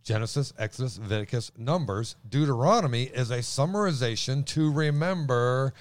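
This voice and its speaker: An excitable man teaching the Bible in a casual chat, his voice booming as he stumbles over restarts. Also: moderate pace, no room sound.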